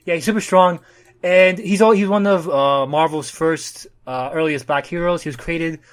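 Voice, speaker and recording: A man co-hosting a casual podcast, retelling a comic book plot with frequent pauses and fillers. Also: on the high side. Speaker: podcast co-host summarizing a comic. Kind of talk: casual chat.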